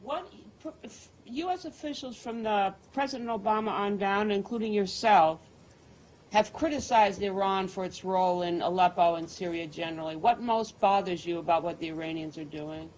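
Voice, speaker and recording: A woman's voice: mid-range voice, normal speed, a little mellow, a little hiss or hum, low-quality recording. A woman asking a spokesperson a pointed question at a press briefing. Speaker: reporter.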